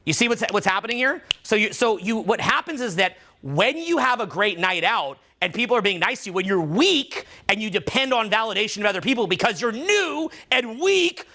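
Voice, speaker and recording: A man coaching a live workshop in front of students, talking in an animated way and acting out loud demonstration voices as he explains. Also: sits high, brisk, hardly any pauses. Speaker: vocal coach.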